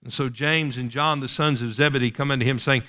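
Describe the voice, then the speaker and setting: A male preacher delivering a sermon at a mid-range pitch. He reads old King James scripture aloud and turns to the congregation again and again with pointed rhetorical questions. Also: fairly even intonation, fairly quick, bright, forceful tone.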